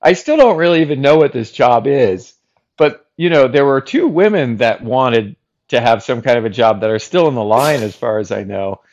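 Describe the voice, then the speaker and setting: A man chatting as a comedy guest, rambling and giggly, with lots of halting restarts. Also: medium pitch, expressive, darkish tone, highs cut off. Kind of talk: casual improv chat.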